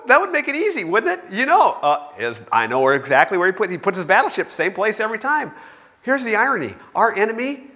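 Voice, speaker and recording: A man preaching a sermon in a lively storytelling manner, acting out the voices of the people he quotes. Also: very high-pitched, long reverb tail.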